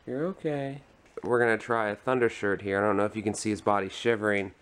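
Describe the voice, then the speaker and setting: A man filming a casual home vlog, chuckling and gently soothing his frightened dog. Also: lowish voice, little pitch movement, fast, a little hiss or hum. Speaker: vlogger. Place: home indoors.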